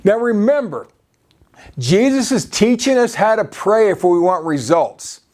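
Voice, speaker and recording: High-voiced man preaching a sermon. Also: sing-song, unhurried, darkish tone. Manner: repeats "you see", restarts often.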